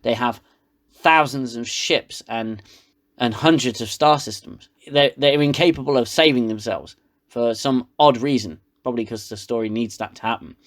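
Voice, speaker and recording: A man's voice: medium pitch, moderate pace. A man with a British accent giving a sarcastic, rambling comedic recap of a TV episode. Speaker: reviewer.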